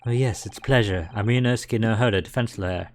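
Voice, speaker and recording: A man's voice: fairly low pitch, quick pace, darkish tone, natural voice. A man reading a polite young lawyer.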